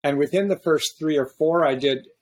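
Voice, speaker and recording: A man hosting a podcast, talking casually and reflectively, with frequent pauses and restarts. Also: a little high, darkish tone. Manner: halting, restarts often, reflective. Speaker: podcast host.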